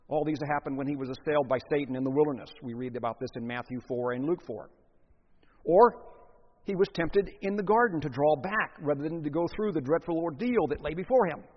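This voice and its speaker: Man, pastor, earnest emphatic sermon, dull lo-fi sound, church reverb. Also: a little high. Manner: earnest preaching with emphatic rises. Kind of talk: expository sermon.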